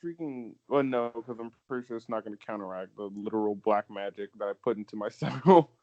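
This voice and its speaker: A man's voice: on the low side, fairly quick, darkish tone, highs cut off. A young man playing in a tabletop game, often exasperated and laughing, swearing casually. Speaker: player.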